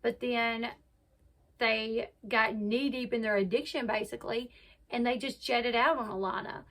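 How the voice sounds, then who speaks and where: A woman's voice: on the high side, fairly even intonation, unhurried, a bit bright. Chatty woman recapping reality TV. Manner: chatty retelling, acts out quotes. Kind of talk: casual recap narration.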